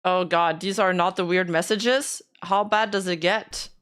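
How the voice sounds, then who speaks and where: A woman's voice: lowish voice, fairly even intonation, unhurried, a bit bright, clean tone. A woman hosting a live reaction stream, commenting with blunt, exclamatory asides.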